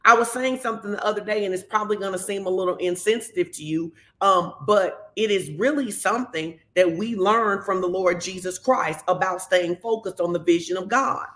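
A woman pastor, giving a conversational sermon and telling stories lively, acting out the quotes. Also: medium pitch, fairly quick, few pauses. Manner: animated storytelling, acts out quotes.

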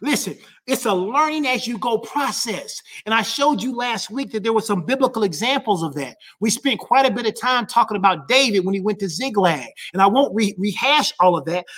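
A woman pastor preaching a sermon with passion, repeating key lines and rising to shouts at the high points. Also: expressive, a little fast, few pauses, breathy edge.

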